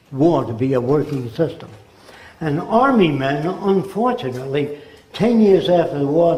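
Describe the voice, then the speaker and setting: An older man gives a rambling lecture and slips into accents to make his points. His voice sits fairly high with a soft, mellow tone, and the room echoes. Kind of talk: informal lecture.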